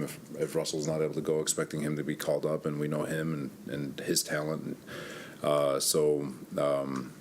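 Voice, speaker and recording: A man's voice: rumbling low, a little mellow, slight background noise. A man, a head coach, answering reporters' questions in a candid, conversational way, thinking aloud and a little winded. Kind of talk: press conference answers. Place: press room.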